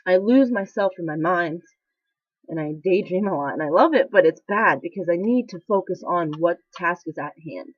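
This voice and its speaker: A woman's voice: lowish voice, lively intonation, normal speed, dry recording. Candid young woman vlogging. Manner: candid, rambling, emotional, with frequent fillers. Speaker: military trainee vlogger. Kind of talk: casual confessional vlog. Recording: dry, slightly dull lo-fi sound.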